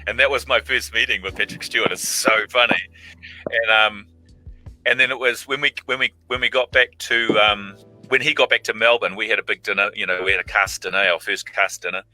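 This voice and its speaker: A man's voice: on the low side, fairly even intonation, fairly quick, pushed and bright, no room sound, soft background music, low-quality recording. A middle-aged man, an actor guest, telling casual stories over a video call, acting out quoted lines in big voices. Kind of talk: casual anecdotal storytelling.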